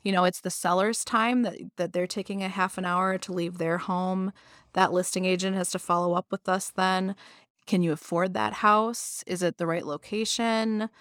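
A woman's voice: fairly low pitch, fairly even intonation, normal speed, a bit bright, clean tone, no room sound, clean studio sound. A woman working as a real estate agent, explaining the homebuying process steadily in a casual podcast interview with many "you know"s.

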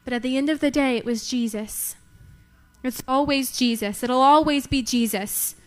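A woman's voice: high voice, normal speed. A young woman preaching a sermon, emphatic, repeating key lines for effect.

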